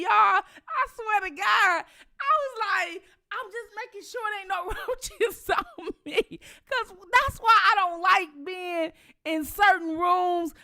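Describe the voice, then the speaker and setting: Woman, middle-aged vlog host, high and bright, telling a story full of cursing. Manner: animated, profane, laughing storyteller addressing viewers as y'all. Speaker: channel host. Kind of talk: casual storytelling to viewers.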